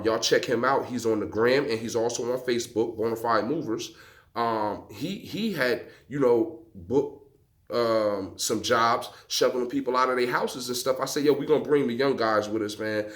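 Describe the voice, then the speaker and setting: A man vlogging from an outdoor home gym, telling a story to his viewers in a lively, emphatic way while working a rowing machine. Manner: lively, emphatic storyteller, acting out quotes with big pitch jumps.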